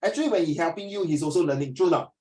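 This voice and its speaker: Singaporean tutor, male, raised pitch, jokes around then gets stern, classroom lecture delivery. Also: rapid-fire, a little mellow, rough recording. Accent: Singaporean English.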